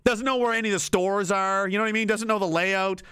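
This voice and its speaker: A man's voice: sits high, steady tone, fast, bright, forceful tone, clear, resonant tone, no echo. A man streaming live, rambling, giggling and swearing in a casual comedic rant.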